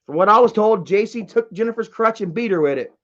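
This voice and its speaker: Heated high-voiced man ranting on stream. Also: animated, fast talker, a bit bright, highs cut off. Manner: heated, profane, reads chat messages aloud. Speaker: livestreamer. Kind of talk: casual livestream rant. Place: at home.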